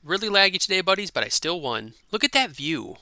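A man hosting a gaming channel, chatting casually and excitably over gameplay and repeating himself in a silly way. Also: high-pitched, a little fast, no room sound.

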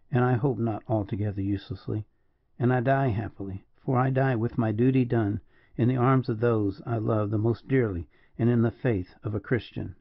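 A man voicing a dying noble soldier who speaks faintly and haltingly. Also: medium pitch, creaky. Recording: dull lo-fi dry recording.

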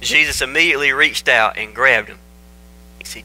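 Male pastor, very bright tone, easygoing joking sermon delivery. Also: mid-range voice, moderate pace, a little hiss or hum, rough recording. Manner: folksy, joking, conversational storytelling. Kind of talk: casual folksy sermon. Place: church sanctuary. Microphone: microphone.

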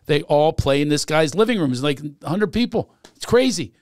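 A man's voice: a little high, expressive, brisk, a little mellow, no room sound, studio quality. Playful storytelling male podcast host. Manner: sings snatches of songs, playful storyteller. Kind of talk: comedic casual chat.

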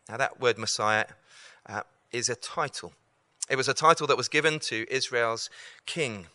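A man's voice: medium pitch, sharp tone, no room sound. A man giving an evangelistic talk to students, earnest and repeating key lines for emphasis. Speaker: campus preacher.

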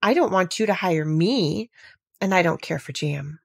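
A woman's voice: lowish voice, expressive, normal speed, gravelly, slightly rough, dry recording, studio quality, exaggerated voice. A woman voicing a polite, earnest, rather timid young girl.

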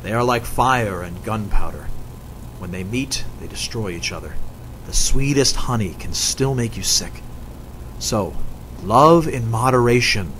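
A man's voice: fairly low pitch, lively intonation, a little slow, a bit bright, a little hiss or hum, rough recording. A man reading the part of a cautious, solemn friar who gives advice. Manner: solemn, advising. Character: wise cautious male friar.

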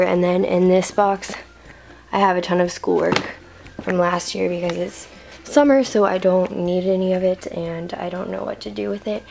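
A woman's voice: medium pitch, creaky, darkish tone. A teenage girl giving a rambling, filler-heavy room-tour vlog to a handheld camera in her bedroom. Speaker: vlogger.

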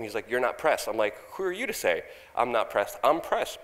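A man's voice: medium pitch, very animated, fairly quick. Man telling a wild story in a reverberant hall. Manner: acts out his own lines loudly, laughing. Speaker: speaker at a conference. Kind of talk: animated storytelling. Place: large conference hall.

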